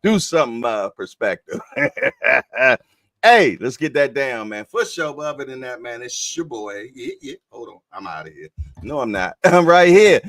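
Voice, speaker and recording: A man's voice: medium pitch, very animated, moderate pace, fairly bright tone, dry recording, studio quality. A man hosting a casual live stream, joking, laughing often and reading viewer comments aloud in loose slang. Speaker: livestream host.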